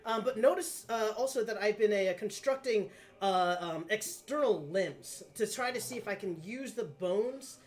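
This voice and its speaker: A man's voice: high-pitched, expressive, moderate pace, few pauses. A man playing a tabletop game, describing his character's lab casually with many fillers and restarts. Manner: hesitant, full of fillers. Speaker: player. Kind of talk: casual tabletop role-play.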